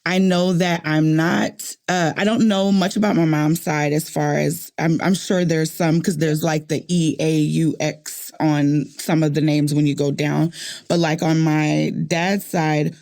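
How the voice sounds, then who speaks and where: A woman from New Orleans hosting a podcast, telling stories in animated casual chat and repeating phrases for emphasis. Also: sits low, a little slow, creaky. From New Orleans, USA. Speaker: podcast host.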